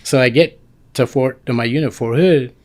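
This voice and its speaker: A man in his fifties from Guam, a guest telling casual stories about his army years, animated and full of restarts. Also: medium pitch, moderate pace. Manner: animated, acts out quoted dialogue with many restarts. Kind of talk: casual storytelling.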